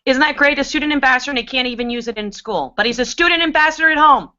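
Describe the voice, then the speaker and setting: A woman's voice: high-pitched, racing, bright, forceful tone. A woman parent on an online panel, amused and chatty. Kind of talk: casual video-call chat. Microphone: video call. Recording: dull lo-fi video call audio.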